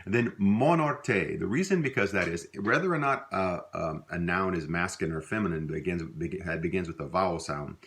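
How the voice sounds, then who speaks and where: A middle-aged man with a Louisiana accent gives a casual spoken language lesson. His voice sits very low. He rambles easily, using fillers and correcting himself mid-sentence. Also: moderate pace, hardly any pauses. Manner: relaxed, rambling, with many fillers and self-corrections. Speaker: language teacher.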